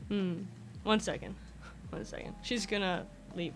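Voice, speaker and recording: A woman's voice: medium pitch, steady tone, unhurried, over music. A woman streaming from her home desk in a casual chat, coaxing her cat in a sing-song voice. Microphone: desk microphone.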